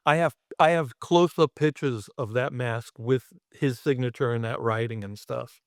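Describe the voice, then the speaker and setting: A man's voice: mid-range voice, measured pace, hardly any pauses, smooth, no echo, studio quality. A man from Brooklyn telling a set story as a podcast guest, swearing freely and acting out the other people in it. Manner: profane, animated, acts out other people. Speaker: special effects artist guest. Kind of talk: casual storytelling.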